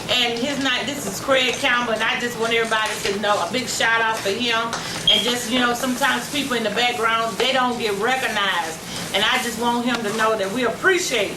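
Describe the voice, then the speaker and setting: A woman pastor speaking in a casual interview at a food pantry, affirming and halting as she thanks a helper. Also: fairly high pitch, steady tone. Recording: echoey and distant with noise.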